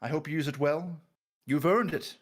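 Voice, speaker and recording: A man doing a booming showy town mayor. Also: normal speed, natural voice. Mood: grand, celebratory. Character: showy male town mayor with handlebar mustache.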